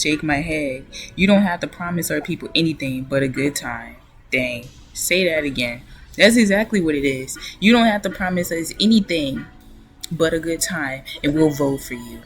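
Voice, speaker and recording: Blunt, opinionated woman with a low voice. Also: animated, normal speed, soft background music. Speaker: commentary vlogger. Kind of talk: casual reaction commentary.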